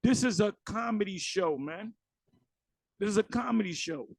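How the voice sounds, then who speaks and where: A man giving ranting religious commentary on clips, animated and mocking, with many fillers. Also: sits high, normal speed, no room sound, low-quality recording.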